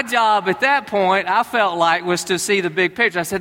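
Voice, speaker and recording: A man's voice: sits high, moderate pace, few pauses, sharp tone, long reverb tail. A middle-aged man, preaching a conversational sermon and telling stories to his congregation. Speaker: pastor.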